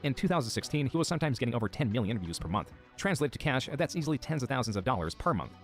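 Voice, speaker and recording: A man narrating a commentary video in a measured, scripted read, quoting posts. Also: medium pitch, big pitch swings, soft background music. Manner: measured, reads out quotes.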